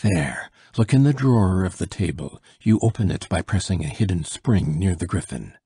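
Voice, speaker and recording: A man's voice: deep voice, expressive, normal speed, mellow, breathy edge, no echo, studio quality, heavily acted. A male reader voicing a dying old nobleman who speaks weakly but insistently. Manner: weak, insistent and secretive.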